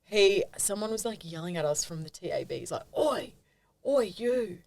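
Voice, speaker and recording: A young woman with an Australian accent chats bluntly, swearing with outrage and then drifting into her own anecdotes. Her voice sits a little low for a woman. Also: animated, fast talker, vocal fry. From Queensland, Australia. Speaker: podcast co-host. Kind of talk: casual chat.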